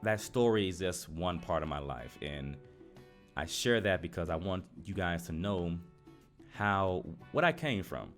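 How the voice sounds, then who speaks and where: A young man telling his own life story to his viewers in a halting way, often repeating words as he goes. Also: deep voice, expressive, soft background music. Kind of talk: personal storytelling to camera.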